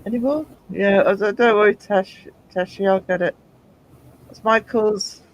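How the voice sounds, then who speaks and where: A man hosting a casual live-stream chat, hoarse from just waking up, who laughs often and teases his guests. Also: sits high, steady tone, a little slow, muffled recording. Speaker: host.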